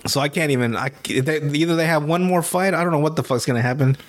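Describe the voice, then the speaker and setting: A man hosts a casual podcast and tells a story with lots of swearing and laughter. His voice sits a touch high, and he keeps an animated, chatty pace throughout. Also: fast, a little hiss or hum. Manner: animated, profane, laughs often. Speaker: podcast host.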